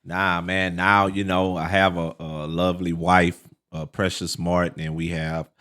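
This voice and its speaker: A middle-aged man, a podcast guest, telling his life story in a casual, animated way, full of fillers like "man" and "like". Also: measured pace. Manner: relives quotes with sharp pitch leaps.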